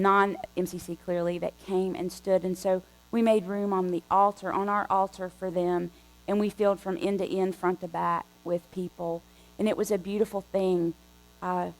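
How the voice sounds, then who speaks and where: A woman guest preacher telling a story in a conversational, animated way from the pulpit. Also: lowish voice, low-quality recording. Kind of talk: storytelling sermon. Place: church sanctuary.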